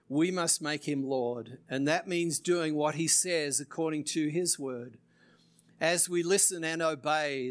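A male pastor closing his sermon, reciting a rhyming poem slowly and earnestly, then leading a prayer. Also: mid-range voice, a bit bright.

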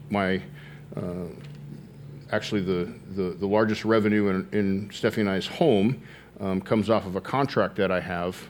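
A man preaching a sermon, earnest, slowing down to stress key phrases and rising in pitch as he tells a story. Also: slight background noise.

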